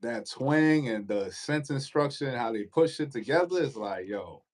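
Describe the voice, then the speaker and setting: A man co-hosting a podcast, talking bluntly in slang and trailing off quietly at the ends of phrases. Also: medium pitch, expressive, moderate pace. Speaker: podcast co-host. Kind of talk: casual chat.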